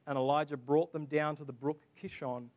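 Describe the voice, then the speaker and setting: Higher-voiced man preaching a sermon. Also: little pitch movement, moderate pace, darkish tone, dull audio. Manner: reads scripture then explains it in casual asides. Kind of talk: sermon with scripture reading.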